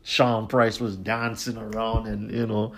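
Flat in delivery and measured in pace, this low-voiced man hosts a solo podcast. His casual talk is profane and slangy, and "you know what I'm saying" comes up again and again.

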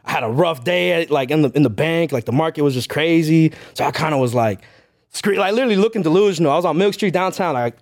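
A young man from the tells his story as a podcast guest. He talks fast and animatedly with a slightly high voice, piling on "like" and swearing as he goes. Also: lively intonation. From Chelsea, Massachusetts. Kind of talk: casual podcast chat.

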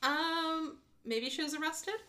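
A woman co-hosting a podcast, casually retelling a film scene by scene with lively quoted lines and laughter. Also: high voice, slow pace. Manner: animated retelling, acting out lines, frequent laughs. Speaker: podcast co-host. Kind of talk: casual movie recap chat.

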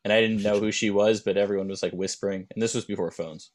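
A young man co-hosting a podcast, telling rambling anecdotes and dropping deadpan jokes in casual chat. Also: on the low side, quick pace. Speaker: podcast co-host.

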